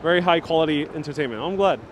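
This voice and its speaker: This livestream city guide has a fairly high voice and a quick pace as he walks an outdoor street, talking with viewers and voicing their comments. Audio comes from a wireless lapel mic, with the phone on a gimbal, and slight background noise of street ambience.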